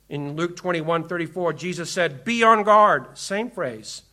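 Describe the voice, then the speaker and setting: A man preaching a sermon as pastor, reading scripture aloud and pressing his points with emphasis, swinging between loud commands and hushed asides. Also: high-pitched.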